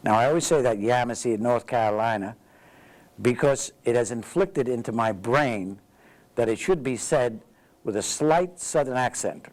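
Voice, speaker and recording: A man's voice: medium pitch, moderate pace, poor audio. A man, a veteran telling his story in an interview and acting out the dialogue. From the Bronx, New York. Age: 80s. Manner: lively storyteller who acts out dialogue. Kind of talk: anecdotal storytelling.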